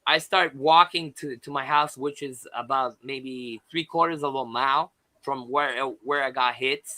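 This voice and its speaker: A man, a guest on a live panel, telling a personal story in a halting way with many restarts and fillers. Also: mid-range voice, bright, forceful tone, low-quality recording.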